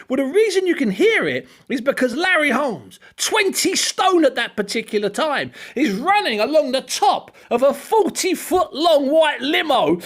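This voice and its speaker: A man, co-hosting a casual chat and telling stories with animated laughter. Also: very high voice, moderate pace, few pauses. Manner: animated storyteller, laughs often. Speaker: podcast co-host.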